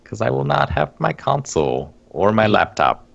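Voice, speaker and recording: A man's voice: on the low side, sing-song, normal speed, gravelly. A man co-hosting a casual gaming podcast, rambling wryly and laughing often. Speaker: podcast co-host. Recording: dull lo-fi stream audio.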